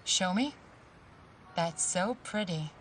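An actress voicing a controlling woman who gives calm, commanding orders. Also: fairly low pitch, slow, far from the mic, noisy background. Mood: cold.

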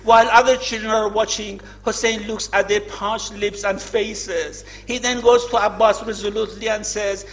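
A man's voice: high-pitched, flat delivery, normal speed, hardly any pauses, rough recording. A man narrating a dramatic religious story in a tearful, emotional way, his voice at times breaking.

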